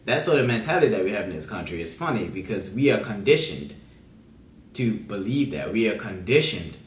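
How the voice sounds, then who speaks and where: A man's voice: fairly low pitch, big pitch swings, brisk. Man, co-host, emphatic political chat, repeats words, echoey room. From Bermuda. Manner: emphatic, repeats words when pressing a point. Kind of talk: casual political discussion. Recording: roomy, from a distance from the mic.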